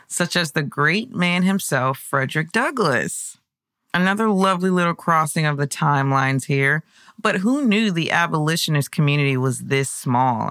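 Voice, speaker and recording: A podcast host narrating history in a conversational way, breaking into excited personal asides. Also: medium pitch, no echo, clean studio sound.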